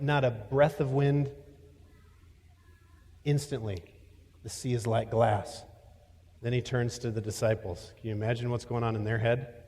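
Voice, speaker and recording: A man's voice: mid-range voice, in a large hall. Storytelling preacher man in a church. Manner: storytelling, shifting from loud to hushed. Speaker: pastor. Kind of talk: sermon.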